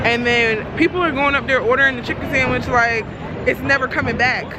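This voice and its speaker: A woman's voice: a little high, a little fast, crowd noise. A young woman vlogging casually, chatty and often laughing as she tells a story. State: out of breath at times. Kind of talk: casual vlog chat. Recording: loud street noise behind.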